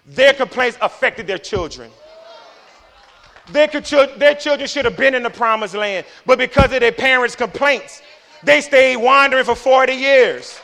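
A man preaching a passionate sermon, swinging from low murmurs to loud emphatic declarations. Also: moderate pace, gravelly.

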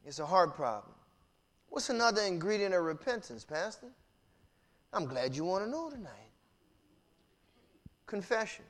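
Animated high-voiced preacher man. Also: moderate pace, long pauses. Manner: animated preaching, rising to shouts and dropping low. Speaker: pastor. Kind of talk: sermon.

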